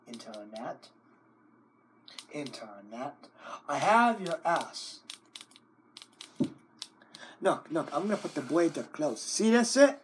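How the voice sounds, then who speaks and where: Man with wild swings in pitch, slow and wailing. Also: big pitch swings, a bit bright. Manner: scolds over and over, repeating words and stumbling; long wailing oh and whoa cries between threats. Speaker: video maker. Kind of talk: ranting at the computer on camera.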